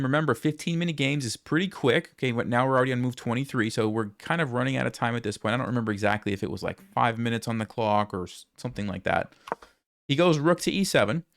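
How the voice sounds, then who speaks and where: A man's voice: medium pitch, dry recording, studio quality. Casual man talking through a chess game. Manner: conversational, thinking aloud, addresses viewers directly. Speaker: chess content creator reviewing his game. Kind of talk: casual game analysis commentary.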